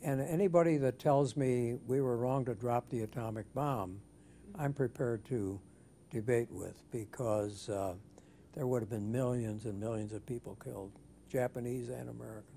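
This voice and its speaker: An older man being interviewed for an oral history, speaking in a measured, thoughtful way with frequent restarts. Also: mid-range voice, vocal fry, mellow, a little hiss or hum.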